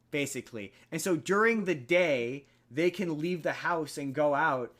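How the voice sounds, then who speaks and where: Rambling podcast host, higher-pitched man. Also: normal speed, a bit bright. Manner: rambling storyteller, filler-heavy. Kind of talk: casual chat.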